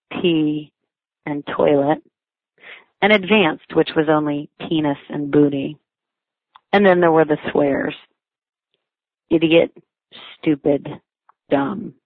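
A woman's voice: low voice, dry recording. A woman reading her own personal essay aloud, in a wry, self-mocking, lightly amused way. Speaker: writer reading her own blog entry. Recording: dry, tinny phone-like sound.

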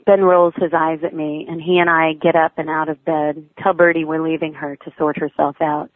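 A woman's voice: low voice, little pitch movement, normal speed, no room sound. A mother reading aloud her personal diary essay in a wry, affectionate, plain manner. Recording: tinny phone-like line, dry.

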